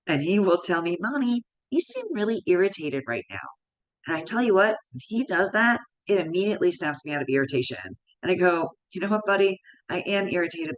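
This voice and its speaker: A woman's voice: low voice, rough recording. A woman, a psychologist in her thirties or forties, giving a conversational parenting talk and acting out short dialogues as examples. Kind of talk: educational talk.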